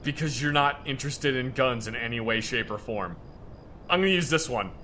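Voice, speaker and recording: A man's voice: medium pitch, fairly quick, pushed and bright, a little hiss or hum. A man in casual chat while playing a game, explaining guns at length and swearing casually. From United States. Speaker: gaming video host.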